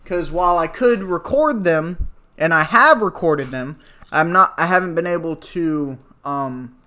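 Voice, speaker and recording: In an unhurried but expressive delivery, a man in his twenties with a fairly high, sharp-toned voice vents to his viewers. The rant is sarcastic and fed up, full of cursing and rambling tangents.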